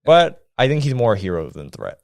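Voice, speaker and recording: Casual podcast co-host, man, lively swooping pitch, dry close sound. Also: a little fast, creaky, no echo. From United States. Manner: animated, joking, thinks aloud. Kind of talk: casual chat.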